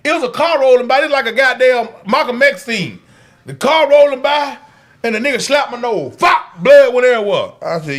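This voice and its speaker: High-voiced man telling rowdy stories. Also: a little fast. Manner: animated, profane storytelling with frequent restarts and laughter. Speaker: podcast co-host. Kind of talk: casual storytelling chat.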